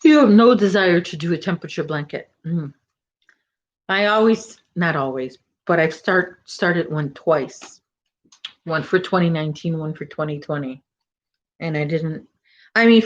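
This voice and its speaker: A middle-aged woman hosts a casual crochet live stream on her crochet channel, chatting, rambling, and correcting herself as she reads viewer comments. Her voice is fairly low, and the sound is lo-fi.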